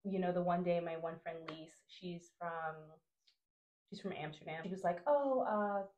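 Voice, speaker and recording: A woman from Honduras, a podcast guest, telling a travel story in casual chat, animated, with frequent laughs, fillers and restarts. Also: on the low side, normal speed, reverberant, lo-fi sound, slight background noise.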